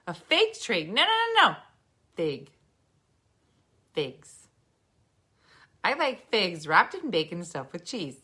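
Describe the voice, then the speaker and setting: A woman mimicking a slow, gushing fig-loving lady. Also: fairly low pitch, big pitch swings, sharp tone, exaggerated voice. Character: woman friend gushing over figs.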